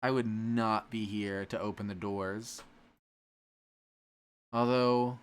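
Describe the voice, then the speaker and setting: Excitable, joking male streamer. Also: lowish voice, slow, long pauses, slight background noise. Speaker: streamer reading a visual novel. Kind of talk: casual let's-play commentary.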